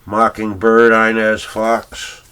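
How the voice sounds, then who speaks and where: Older man, low voice, bright tone, slow rambling record talk, chuckles. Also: completely flat delivery, clean tone. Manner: rambling, chuckling, searching for names aloud. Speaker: record collector showing his 45s. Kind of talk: casual rambling record browsing.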